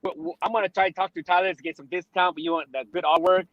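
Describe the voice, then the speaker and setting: A man co-hosting a livestream from his car, excitable and repeating "you know" and "I love it". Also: high-pitched, quick pace, no room sound, muffled recording. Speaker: co-host. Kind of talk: casual livestream chat.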